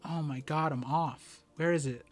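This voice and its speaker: A young man streaming live, reading a comic chapter aloud and reacting with excited exclamations and stammers. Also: fairly high pitch, a little slow.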